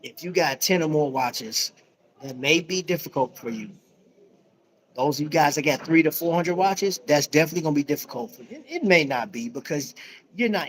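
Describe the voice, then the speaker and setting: A man's voice: on the high side, poor audio. An American man hosting a casual live chat from a busy restaurant, joking and slangy, talking into a phone. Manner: slangy, joking, calls viewers bro. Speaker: livestream host.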